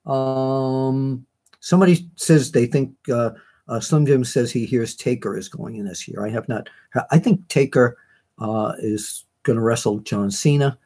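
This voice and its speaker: Mellow-voiced man hosting a chatty live show. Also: mid-range voice, vocal fry, breathy edge. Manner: chatty, rambling, with many fillers and self-corrections. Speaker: host of a live online wrestling show. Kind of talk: casual live chat reading viewer comments.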